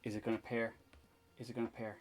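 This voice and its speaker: A man's voice: mid-range voice, flat delivery, fast talker, soft background music. A man hosting a live stream in casual chat while he tinkers, rambling, laughing often and swearing casually.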